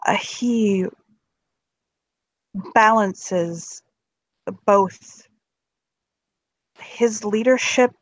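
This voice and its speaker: A woman with a mid-range voice plays a character in a tabletop role-play, speaking very slowly with long pauses and no room sound. She moves between hesitant narration full of restarts and polite, formal in-character lines, laughing at herself along the way.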